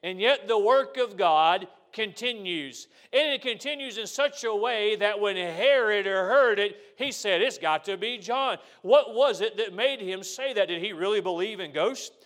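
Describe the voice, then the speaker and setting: High-voiced man preaching a sermon. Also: lively intonation, unhurried, few pauses, fairly bright tone. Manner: earnest preaching with rhetorical questions. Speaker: pastor.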